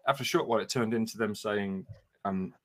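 A man's voice: on the low side, a little fast. A middle-aged man, a podcast co-host, telling a long story in casual chat, restarting his sentences often. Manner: rambling, self-interrupting storyteller.

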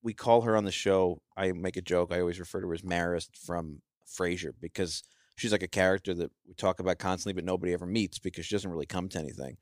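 A man's voice: low-pitched, steady tone, fast talker, few pauses, no echo, studio quality. A man hosting a podcast, asking questions in a friendly, easygoing way and laughing easily. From New York. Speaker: podcast host. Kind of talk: casual conversation.

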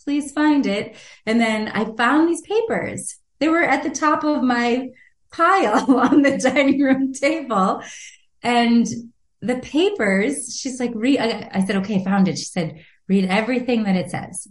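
A woman guest recounts a personal story in an animated interview. Her voice sits a little high, and she breaks into laughter often. She acts out the voices she quotes, and the room adds a noticeable echo. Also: unhurried. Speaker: guest, author.

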